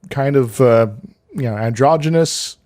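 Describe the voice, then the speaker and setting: A man co-hosting a podcast in casual chat, playful and quick to laugh. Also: mid-range voice, darkish tone. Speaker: podcast co-host.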